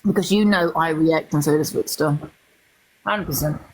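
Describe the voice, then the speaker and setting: A woman's voice: sits low, moderate pace, darkish tone, slightly rough, low-quality recording. A woman co-hosting casually, chatting with jumpy exclamations. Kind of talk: casual chat.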